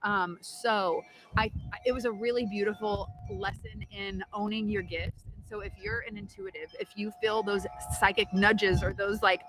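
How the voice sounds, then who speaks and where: A woman's voice: mid-range voice, steady tone, moderate pace, music in the background. A woman hosting a tarot show, telling a personal story in a chatty, casual way, with frequent laughs and casual swearing. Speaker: tarot reader and host.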